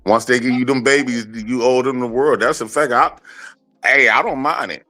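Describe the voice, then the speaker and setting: A man's voice: medium pitch, moderate pace, bright, forceful tone, faint music behind. A man co-hosting a casual live stream, laid-back and teasing. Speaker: co-host guest.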